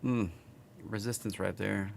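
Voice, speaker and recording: A man's voice: lowish voice, fairly even intonation, unhurried, creaky, darkish tone, a little hiss or hum. A man with a Southern accent, casually reading stock charts on a live stream and chatting with viewers.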